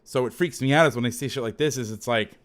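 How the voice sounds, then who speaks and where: A man coaching through game film in a casual breakdown, chatty and quick to correct himself. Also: mid-range voice, fairly bright tone.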